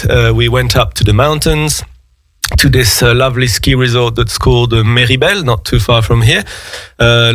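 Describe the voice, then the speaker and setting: A man with a British English accent, a guest on a radio interview, telling his story slowly with many fillers and restarts. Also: medium pitch, a bit bright, no room sound. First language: French and English, bilingual. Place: radio studio.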